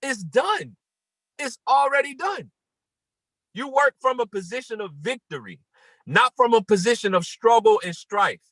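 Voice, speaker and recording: A man giving an emphatic motivational talk on a morning call, repeating his points and rising to near-shouts. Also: very high voice, lively intonation, measured pace, no echo, low-quality recording.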